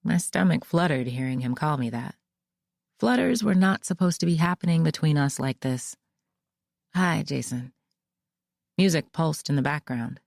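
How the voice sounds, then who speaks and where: A woman narrating a mystery audiobook in the first person, with measured storytelling. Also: low voice, animated, gravelly, a little mellow, no room sound, clean studio sound.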